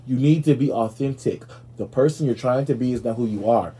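A man's voice: mid-range voice, fairly quick, mellow, husky. A man hosting a show, giving brash, profane, gossipy commentary in a sassy comic style. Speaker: show host.

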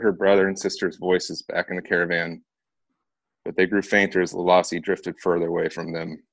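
A man with a very low voice reads a dark fantasy passage aloud, earnest and dramatic. The recording is close and dry, with no room sound. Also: level tone, normal speed, gravelly, dry recording. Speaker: narrator. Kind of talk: audiobook-style narration of a fantasy novel.

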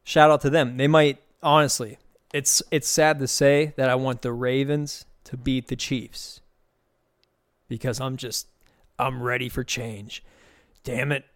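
A man's voice: mid-range voice, fairly even intonation, a little slow, no echo. A man hosting a casual solo podcast, rambling through loose, profane, amused stories and opinions. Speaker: podcast host.

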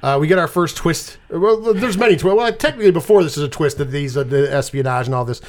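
A man co-hosting a podcast, recapping a movie plot in casual chat, animated and swearing freely. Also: on the high side, quick pace. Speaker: podcast co-host.

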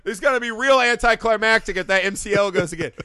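A man co-hosting a casual podcast, reviewing a horror film with excited, profane enthusiasm and little acted-out bits. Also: sits high, clear, resonant tone, dry recording. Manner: excited, profane, acts out scenes in quick bursts. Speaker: podcast co-host.

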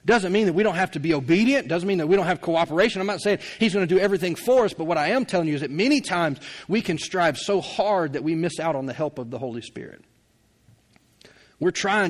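A man's voice: a little high, fairly quick. A middle-aged man preaching a sermon in a folksy, conversational way, often laughing as he talks. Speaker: pastor.

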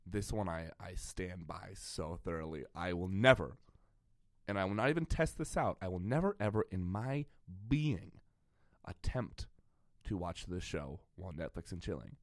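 A man's voice: deep voice, animated, normal speed, dry recording, clean studio sound. A young man co-hosting a casual comedy chat, playful and theatrical, laughing often. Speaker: podcast co-host.

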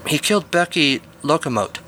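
A man voicing a middle-aged parks department official in a spoken story, speaking gravely and measured. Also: fairly high pitch, animated, sharp tone, slight background noise, voice pushed up.

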